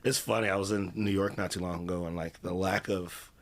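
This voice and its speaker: A man from Cincinnati in a casual podcast conversation, agreeable and quick to laugh while telling stories. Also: low-pitched, steady tone. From Cincinnati, USA. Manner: agreeable, laughs often, storytelling.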